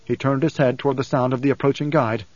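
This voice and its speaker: A man's voice: medium pitch, fairly even intonation, fast, darkish tone, no echo, lo-fi sound. Man reading a novel aloud, dry sound. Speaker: audiobook narrator. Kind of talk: scripted narration.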